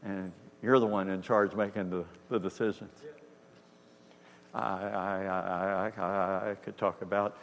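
A man's voice: low voice, flat delivery, measured pace. A man preaching a storytelling sermon in a conversational way, acting out dialogue and asking the congregation if they hear him. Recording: reverberant hall with faint hum.

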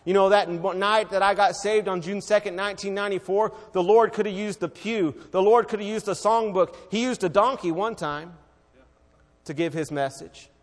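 A man preaching an evening church sermon and praying, swinging between loud exhortation and hushed quiet. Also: high voice, normal speed. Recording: long reverb of a hall.

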